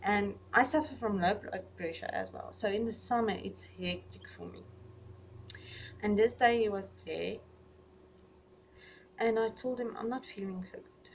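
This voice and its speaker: A young woman vlogger casually recounting personal memories, rambling and getting animated when she retells conversations. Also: medium pitch, unhurried, pauses often. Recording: voice a little far from the mic, faint background noise.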